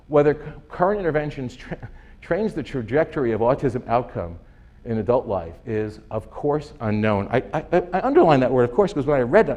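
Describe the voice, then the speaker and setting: A man's voice: medium pitch, a little mellow. A man giving a conference lecture, emphatic and sarcastic, asking rhetorical questions. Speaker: conference speaker. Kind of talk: lecture presentation. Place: conference hall.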